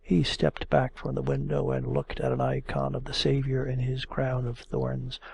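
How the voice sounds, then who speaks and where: A man narrating a classic novel as an audiobook, measured and expressive. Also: medium pitch, vocal fry, a little hiss or hum.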